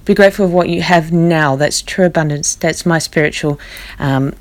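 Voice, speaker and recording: A woman's voice: sits low, normal speed. A tired woman, talking candidly and reflectively in a rambling personal spiritual vlog. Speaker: vlogger.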